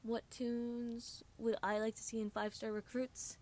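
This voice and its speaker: A woman's voice: a little high, flat delivery, measured pace, a little mellow. A tired woman streaming a mobile game at home, chatting casually and rambling about her team. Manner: rambling, chatty, self-deprecating. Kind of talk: casual gameplay commentary.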